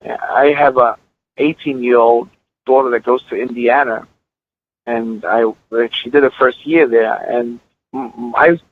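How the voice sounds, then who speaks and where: This middle-aged man, a musician appearing as a guest, has a mid-range voice, with slight noise in the background. Heard through a tinny connection, he shares stories with conviction in conversation, repeating words to drive his point home.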